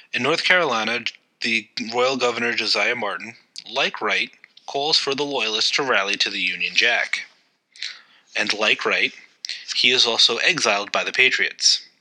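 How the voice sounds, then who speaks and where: A man's voice: mid-range voice, bright, forceful tone, poor audio. A man hosting a history podcast, narrating events in a loose, conversational way with occasional fillers. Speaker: podcast host.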